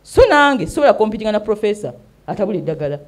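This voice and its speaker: Emphatic Ugandan woman, quick and lively. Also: mid-range voice. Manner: emphatic, mixes English and Luganda, asks "eh?" often. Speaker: host and mentor. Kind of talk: animated talk show monologue.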